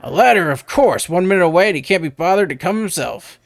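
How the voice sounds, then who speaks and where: A man voicing a tired, put-upon male blacksmith in a game, with a gruff, grumbling manner. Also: sits high, expressive, fast talker, dry recording. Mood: grumbly.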